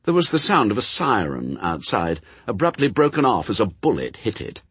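A man reads a novel aloud with expressive, dry storytelling. His fairly low voice roams widely in pitch, with a husky texture, recorded close in a dead, dry room. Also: moderate pace, no echo. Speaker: audiobook narrator. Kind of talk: scripted narration.

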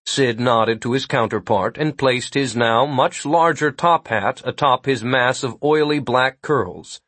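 Husky male audiobook narrator. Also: mid-range voice, unhurried, a bit bright, dry recording. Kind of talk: scripted narration.

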